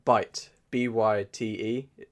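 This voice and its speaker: A man co-hosting a podcast, chatting casually and quoting favorite lines and memes in lively bursts. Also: lowish voice, slow pace. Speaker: podcast co-host. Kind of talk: casual chat.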